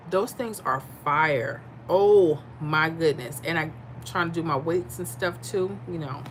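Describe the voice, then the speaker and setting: A woman's voice: fairly low pitch, fairly bright tone, a little hiss or hum. Chatty woman reading stream comments. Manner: chatty, reads and answers viewer comments, candid and reflective. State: tired. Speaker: livestream host reading chat. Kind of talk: casual livestream chat.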